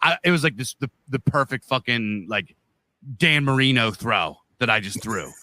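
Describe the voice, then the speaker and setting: Guy on a podcast rambling and cussing through a story, bright forceful voice, dry sound. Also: medium pitch, animated, normal speed, no room sound. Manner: profane, rambling, fired-up storyteller. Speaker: podcast co-host.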